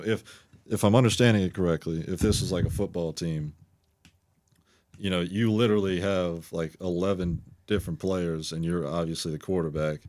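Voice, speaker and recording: Super low-voiced guy hosting a podcast, rambly questions. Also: darkish tone. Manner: rambling questions with fillers and restarts. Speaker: podcast host. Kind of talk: casual interview.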